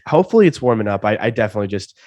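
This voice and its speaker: A man's voice: lowish voice, big pitch swings, rapid-fire, a little mellow, dry recording. A young man in his twenties from Alabama, a comedian guest on a casual interview, feeling sick and often stammering over restarts. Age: 20s. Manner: stammering restarts, repeats words.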